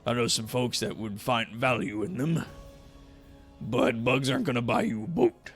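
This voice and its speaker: A man voicing a calm, amused male orc chieftain with a long beard, speaking in a dry, deliberate way in a tabletop game. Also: medium pitch, faint music behind, voice pushed down, close to an everyday voice. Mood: wry.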